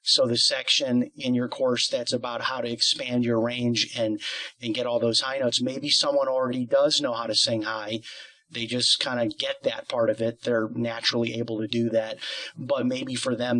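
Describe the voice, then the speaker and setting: Bright-voiced male interviewer. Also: mid-range voice, poor audio. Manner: explains at length with many qualifiers. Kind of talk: conversational interview.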